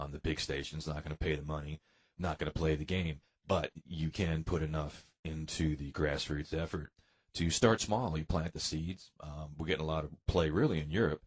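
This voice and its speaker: An American man, a guest musician, answering interview questions in a relaxed, hesitant way. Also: a bass voice, breathy edge. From United States. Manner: relaxed, hesitant with many ums. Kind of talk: casual interview chat.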